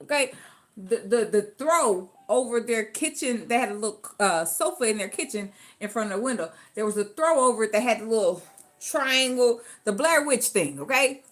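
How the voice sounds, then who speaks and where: A woman's voice: fairly high pitch, moderate pace. A woman, telling a story casually and dramatically. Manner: animated, dramatic, acts out voices in her story. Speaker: storyteller vlogger.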